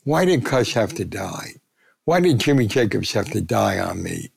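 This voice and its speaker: A man's voice: fairly low pitch, lively intonation, moderate pace. An older man, a retired sports columnist, telling anecdotes as a guest and acting out the voices he quotes. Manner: gravelly, acts out quoted voices.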